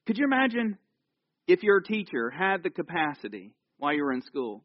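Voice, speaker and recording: High-voiced man preaching a chatty sermon. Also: normal speed, pauses often, dry recording, muffled recording. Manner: animated, jokey storytelling with asides. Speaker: pastor. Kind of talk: conversational sermon. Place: church.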